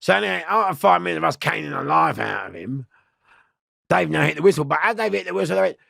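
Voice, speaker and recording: A man telling a prison story in an interview, animated and swearing, acting out voices and laughing often. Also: a little high, quick pace, vocal fry, dry recording, clean studio sound. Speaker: interview guest.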